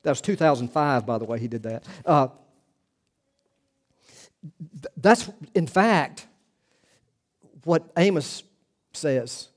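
A male pastor preaching with a somewhat high voice. He drives home his points by repeating words over and over and drops in quick, casual asides. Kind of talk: sermon.

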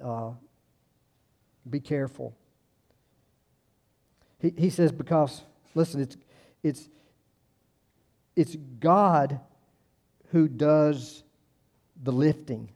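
A man delivering a sermon in a loose, conversational manner, circling back over his own phrases before pressing a point. His voice sits a little high but sounds mellow and warm. He often drops to a quieter aside, then lifts his voice for the key lines. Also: drawn-out words, long pauses. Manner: conversational preaching, trails off and restarts, rises for emphasis. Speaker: pastor.

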